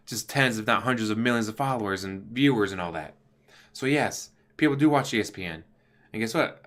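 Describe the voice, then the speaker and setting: A man giving a casual, exasperated commentary rant to camera on his channel, talking with big swings in pitch. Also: bright, forceful tone. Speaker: YouTube commentator. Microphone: desk USB microphone.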